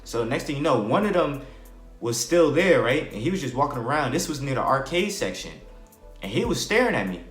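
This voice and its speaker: Young guy from New Jersey, mid-pitched, loose slangy storyteller, roomy room with soft music underneath. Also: big pitch swings, a little fast. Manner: slangy, rambling, frequent "bro" and "like". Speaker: vlogger. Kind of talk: casual storytime.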